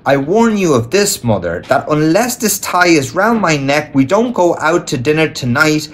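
A man's voice: on the high side, big pitch swings, moderate pace, voice pushed up. A man voicing a pompous, flustered middle-aged father who scolds sternly and melodramatically in a raised voice.

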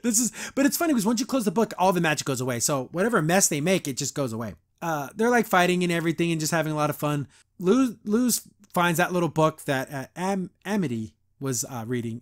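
A man hosting a podcast, casually recapping a cartoon episode, rambling with lots of "like" and acting out the lines he quotes. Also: a little high. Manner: rambling, full of "like", acts out quotes.

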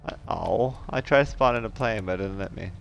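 A man giving excited, laughing commentary as he plays an online shooter. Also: fairly low pitch, a little fast, vocal fry. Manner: excitable, laughing, reacting loudly. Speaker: gaming streamer. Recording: gameplay audio with music and gunfire.

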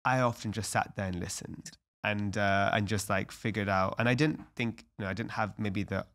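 A man's voice: fairly low pitch, steady tone, moderate pace, a bit bright. A young adult man, a podcast guest talking earnestly and reflectively in casual conversation, with lots of "like" fillers.

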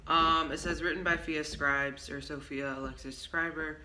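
A woman's voice: low voice, fairly even intonation, normal speed, sharp tone. A woman casually talking through a song she wrote, rambling with lots of ums and stopping to correct herself. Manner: rambling, loose, with many ums and self-corrections. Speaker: songwriter presenting her song. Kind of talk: casual vlog chat. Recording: roomy echo, faint background hiss.

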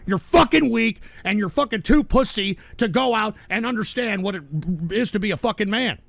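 High gravelly man ranting hard. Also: normal speed, no room sound. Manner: aggressive, profane, shouting rant. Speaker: radio call-in show host. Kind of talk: live call-in radio rant.

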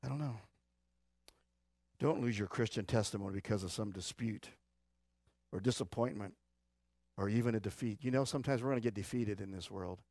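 A man preaching a church sermon, swinging between loud urgent exhortation and quiet low asides, with a Midwestern American accent. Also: brisk, long pauses, no room sound, clean studio sound. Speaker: pastor. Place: church sanctuary.

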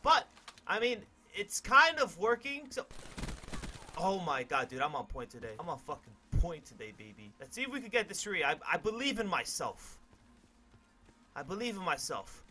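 Young male gaming commentator, high bright voice, loud and boastful. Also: sing-song, moderate pace, soft background music. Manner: hyped, cocky, swears a lot, sudden yells. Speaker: gaming YouTuber. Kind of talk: gameplay commentary.

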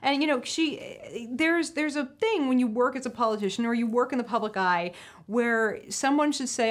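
A woman in her thirties co-hosting a casual chat, telling an animated, swearing story full of restarts and laughter. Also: a little high, normal speed. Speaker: podcast co-host.

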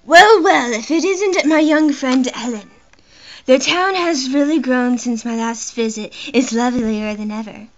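A woman voicing a creepy, pompous male king from a handheld game, reading his lines in a theatrical, booming way. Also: measured pace. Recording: muffled lo-fi recording.

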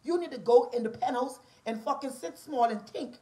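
A woman's voice: high-pitched, a little fast, dark tone, slight background noise. A woman with a Bahamian accent in an angry, profane ranting monologue, confrontational and repetitive.

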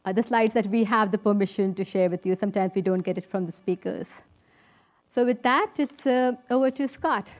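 A woman's voice: medium pitch, a little fast. A woman moderates a panel and gives the audience practical notes before handing over to the first speaker. She speaks informally, with small hesitations and fillers. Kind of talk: event announcements.

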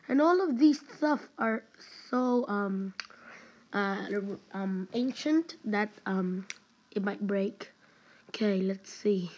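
A woman giving excited, meandering commentary while playing a game, full of fillers and exclamations. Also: on the high side. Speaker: gameplay streamer. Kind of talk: gameplay commentary.

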